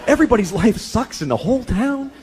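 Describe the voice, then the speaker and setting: A man's voice: very high-pitched, expressive, fast, darkish tone. A middle-aged man doing a stand-up comedy set on a stage mic, telling crude, exasperated stories and putting on mocking voices. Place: comedy stage before a live audience. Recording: live stage audio with crowd laughter.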